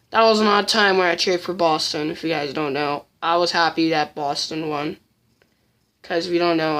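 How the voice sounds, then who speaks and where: A woman's voice: fairly low pitch, a bit bright. A woman giving casual countdown commentary as a fan vlogger, blunt and opinionated, often restarting her sentences.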